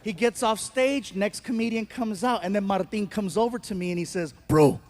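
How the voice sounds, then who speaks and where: A man performing stand-up comedy, telling a story in an animated way with bursts of shouting. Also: high voice, fairly quick.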